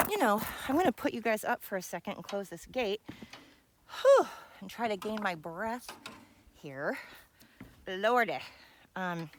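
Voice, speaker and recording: A young woman, hosting her podcast in a chatty, excitable ramble while out of breath from walking uphill outdoors. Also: mid-range voice, a little hiss or hum. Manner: chatty, excitable, says frickin' a lot. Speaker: podcast host. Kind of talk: casual rambling monologue.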